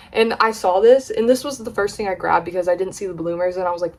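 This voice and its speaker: A young woman from the United States, chatting excitedly in a casual haul vlog, gushing and swearing casually. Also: medium pitch, fairly quick. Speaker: vlogger.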